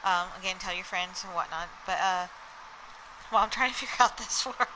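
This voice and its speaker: A woman with a slight Southern accent talks to her viewers in a loose, rambling flow that leans on fillers. Her voice is very bright and sharp. A faint hum of noise sits behind her. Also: medium pitch, normal speed, poor audio. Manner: rambling, stream-of-thought, heavy "like" and "you know" fillers. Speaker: vlogger. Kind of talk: casual chat to viewers.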